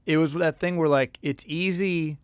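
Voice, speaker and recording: Male guest musician, 30s, animated storyteller, fairly high voice, dry close sound. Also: normal speed, clear, resonant tone, dry recording. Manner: animated, lots of fillers and acted quotes. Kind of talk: casual storytelling interview.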